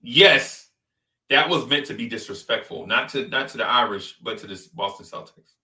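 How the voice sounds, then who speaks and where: A man's voice: medium pitch, moderate pace, bright, forceful tone, reverberant, far from the mic. A man hosting a casual sports talk show, ranting animatedly and repeating phrases for emphasis. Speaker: sports podcast host.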